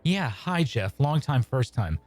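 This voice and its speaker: Man playing a hesitant, chatty woman caller on a radio show, pitched up from his own voice. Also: sing-song, measured pace, darkish tone. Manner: rambling and hesitant, many fillers.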